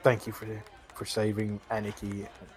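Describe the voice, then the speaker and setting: A man doing a big, stammering, soft-hearted young fighter. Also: on the low side, monotone, moderate pace, close to an everyday voice. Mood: tearful thanks. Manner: stammering, emotional.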